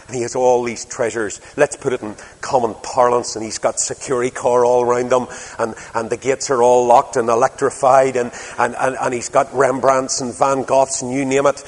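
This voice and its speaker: An older preacher delivers a sermon in a lively, storytelling manner, throwing rhetorical questions at his listeners. His mid-range voice rings out with a long reverb that hangs in the hall. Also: mid-range voice.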